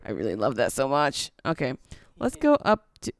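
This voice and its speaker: A woman's voice: very deep voice, huge pitch swings, moderate pace. A woman giving casual let's-play commentary, chatty and easily surprised, coaxing her game character along. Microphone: headphones on, desk mic.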